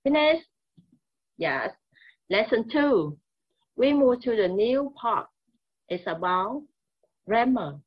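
A woman with a Vietnamese accent teaching English grammar slowly and repeating key words. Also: fairly high pitch, expressive, husky, dull audio. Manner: slow, repetitive, mixes languages. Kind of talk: classroom grammar lesson.

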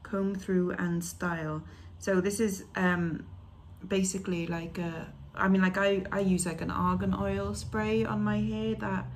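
A woman talks through a beauty box in a chatty, relaxed way, reading labels aloud and filling gaps with "um" and "like." Her voice sits at a mid pitch, with a faint hiss of noise behind it. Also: a little slow, hardly any pauses. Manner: chatty, reads product labels aloud with fillers. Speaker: beauty vlogger. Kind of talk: casual unboxing chat.

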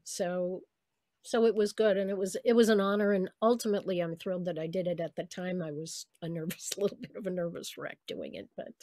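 A woman's voice: lowish voice, darkish tone, dry recording, studio quality. An older woman, a voice actress as interview guest, telling stories in a reflective, chatty way with small laughs. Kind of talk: casual interview chat.

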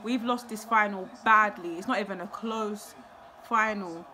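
A woman's voice: medium pitch, unhurried, crowd noise. A young woman, a football fan giving a live, emotional match reaction full of exclamations and repeated phrases.

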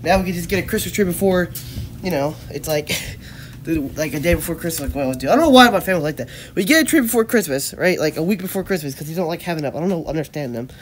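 A woman's voice: low-pitched, lively intonation, fast talker, a little hiss or hum. A young woman vlogging casually with a stuffed-up nose that makes her voice nasal, rambling and saying "like" a lot. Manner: rambling, heavy use of "like". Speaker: daily vlogger. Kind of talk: casual vlog chat.

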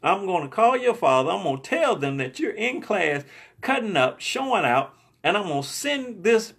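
A man's voice: sits high, big pitch swings, normal speed, vocal fry, a bit bright, breathy edge, pitched above the performer's own voice, exaggerated voice. A man voicing a stern female schoolteacher scolding a pupil, exasperated and fed up.

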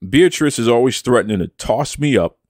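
A man with a mid-range, slightly mellow voice hosts a wrestling podcast, sounding animated and talking a little fast. He chats casually with playful promo bravado, referring to himself by name in the third person. The audio is studio quality with no room sound.

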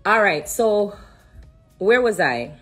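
A woman giving an earnest personal testimony on a live stream, repeating herself and pausing to hold back tears. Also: medium pitch, breathy edge, soft background music. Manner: earnest and repetitive, stopping to steady herself. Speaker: singer sharing a personal testimony.

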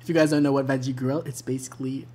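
A man's voice: medium pitch, level tone, racing, darkish tone, husky. A young man hosting his vlog in a casual chat, laughing often between phrases. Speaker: vlog host.

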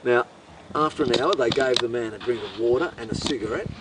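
A male host with an Australian accent and a mid-range voice talks fairly quickly through a meandering comic story, profane and incredulous. It's recorded on a distant mic with background noise.

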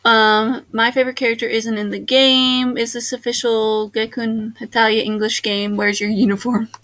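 Bubbly woman let's-play host, slightly high, joking and squealing. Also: little pitch movement, normal speed, fairly bright tone. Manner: bubbly, jokey, jumps into sudden high exclamations. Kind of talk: casual gaming chat.

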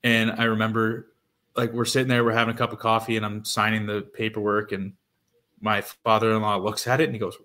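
A former pro hockey player in his thirties talks casually as an interview guest, telling his story in a low, fairly flat voice. He talks fast and rambles, looping back through "um"s, lots of fillers and restarts.

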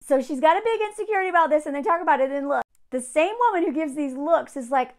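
A woman's voice: sits high, big pitch swings, quick pace, few pauses, darkish tone. A woman from the Southern United States with a Southern accent, giving casual, opinionated, sarcastic commentary on a reality show. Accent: Southern American.

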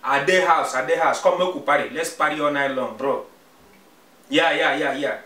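A man's voice: a little high, moderate pace, sharp tone. A man with a Nigerian accent playing a defiant, party-loving young son who talks back to his father. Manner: cheeky, defiant back-talk. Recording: echoey room, mic far off, faint music.

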